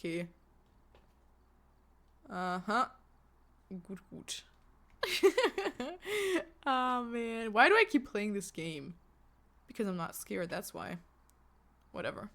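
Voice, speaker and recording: A woman's voice: mid-range voice, very animated, slow, pauses often, a bit bright. A woman streamer giving live, joking commentary while she plays a ghost-hunting game and chats to her viewers. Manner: chatty, joking, talks to chat and to a ghost.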